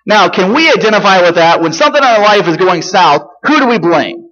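A man preaches to his church in a fairly high voice. He talks casually, tossing out rhetorical questions and asides of sarcasm. The recording is a bit dull and lo-fi. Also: animated, fairly quick, sharp tone. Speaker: pastor. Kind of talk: sermon.

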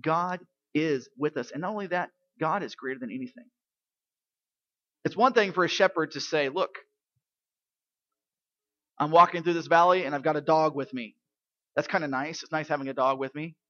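A man preaching a sermon, telling stories and asking rhetorical questions, swinging between quiet and loud emphasis. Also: fairly high pitch, no room sound, highs cut off. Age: adult parent. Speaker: pastor.

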